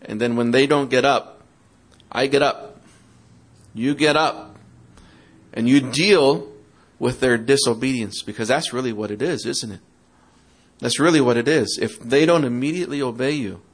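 A man's voice: mid-range voice, a little slow. Man preaching to parents. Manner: interactive, asks the audience questions; acts out quoted excuses in a mocking tone. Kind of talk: sermon.

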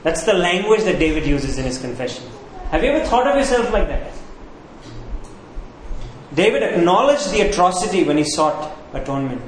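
A man's voice: high-pitched, very animated, normal speed, a little hiss or hum. A man preaching a sermon, who asks his listeners questions and repeats key phrases. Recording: very echoey room with faint ambience.

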